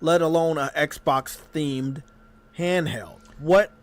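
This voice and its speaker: A man's voice: a little high, steady tone, slow. A man ranting indignantly in a commentary video, stumbling and repeating himself.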